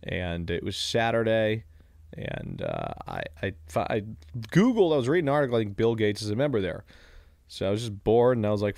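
A young man with a lowish voice talks casually on a podcast, swearing freely as he tells a story. He gets animated and loud when acting out the people in it. The sound is dry and close, with no room around it. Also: brisk, gravelly, dry recording. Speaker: podcast guest, comedian. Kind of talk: casual chat.

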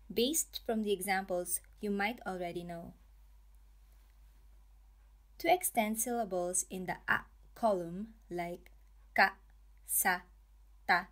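Slow, careful woman teaching pronunciation. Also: medium pitch. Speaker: language teacher. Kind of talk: scripted lesson narration.

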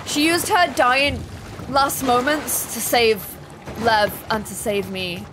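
A young woman streaming a game live, excitable, panicking and rambling with her chat. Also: on the high side, takes it slowly, over music. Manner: excitable, shifts into loud panic and chatty rambling. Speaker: gaming streamer. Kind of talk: live let's play commentary.

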